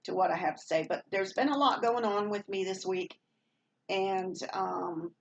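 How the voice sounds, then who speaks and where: Her voice low and gravelly, a woman vlogger rambles through a casual chat full of fillers and restarts. She was born in Maine, spent part of her upbringing in Rhode Island, and speaks with a slight Southern twang. Some background noise can be heard.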